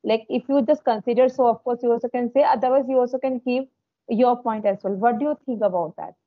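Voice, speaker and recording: Woman on a tinny call line, fairly high voice, dry sound, halting speech with fillers. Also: no room sound. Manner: hesitant, many fillers and restarts. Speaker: English learner in group discussion. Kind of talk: casual discussion. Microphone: video call. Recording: tinny phone-like call audio.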